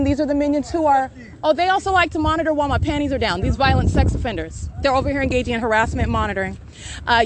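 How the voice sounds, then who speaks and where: A woman's voice: on the high side, a little mellow, a little hiss or hum. A woman recording a walking monologue on her phone outdoors, insistent and accusatory, repeating phrases with many uh and um fillers. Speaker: podcast host documenting her surroundings. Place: outdoors around a city hall and library.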